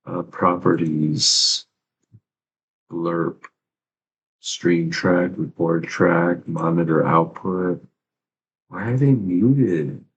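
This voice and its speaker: A man's voice: deep voice, slow, vocal fry, lo-fi sound, slight background noise. A man chatting casually on his own live stream, rambling and talking to himself while fixing his stream audio, with casual swearing. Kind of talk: casual solo livestream chat.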